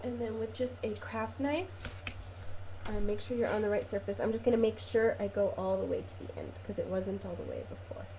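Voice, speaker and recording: A woman's voice: medium pitch, a little fast, background noise. A woman hosting a casual craft tutorial, chatty and rambling with frequent ums and self-corrections, a little sniffly from a cold. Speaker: craft video host.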